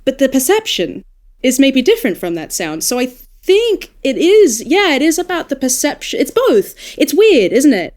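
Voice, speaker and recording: An Australian woman, a podcast guest, talking in a casual, animated, thoughtful way and laughing now and then. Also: high voice, normal speed. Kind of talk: casual panel discussion.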